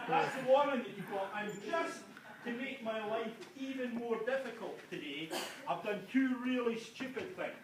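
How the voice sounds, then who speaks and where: A man's voice: very high voice, expressive, moderate pace. A man giving a jokey, self-mocking, rambling talk to a live conference audience. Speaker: conference speaker. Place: conference hall. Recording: echoey hall, distant mic, noisy room.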